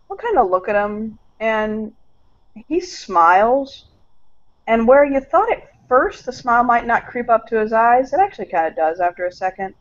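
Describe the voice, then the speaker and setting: A player narrating their character in a tabletop game, casual and wry, with a loose, conversational delivery. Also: mid-range voice. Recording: dull lo-fi recording.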